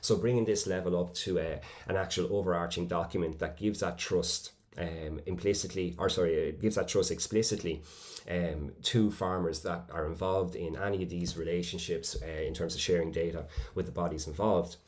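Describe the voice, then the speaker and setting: A man presenting at a conference, speaking in a measured way with frequent fillers and restarts. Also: sits low, steady tone, darkish tone.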